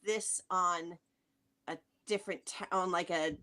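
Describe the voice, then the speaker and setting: A woman's voice: on the low side, fairly even intonation, measured pace, sharp tone. A young woman from north of Boston with a light Boston accent, a guest chatting casually on a live stream over a video call, giggly and prone to trailing off. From Massachusetts, north of Boston. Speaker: guest gardening creator.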